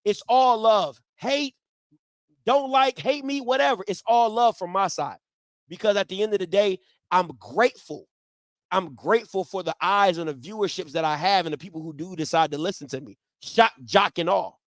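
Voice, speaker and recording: A very high-voiced man hosts a live stream, hammering points home by repeating himself and swinging from loud to soft. The sound is dry and close to the mic, with no room echo. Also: normal speed. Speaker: live show host. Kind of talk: animated live-stream talk.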